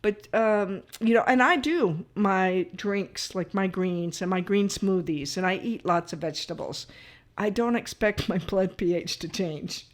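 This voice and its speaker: A woman's voice: mid-range voice, a little slow. Middle-aged lady health coach rambling to camera, chatty, laughs at herself a lot. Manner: chatty, animated, laughs at herself, frequent "all right?" asides. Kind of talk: casual to-camera talk.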